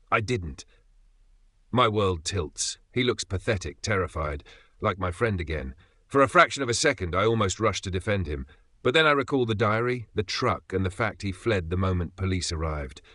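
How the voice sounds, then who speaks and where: A man narrates a dark thriller in the first person, his lowish voice bright and forceful. The delivery is tense and dramatic, and the recording is close and dry. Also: no echo. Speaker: narrator voicing the father.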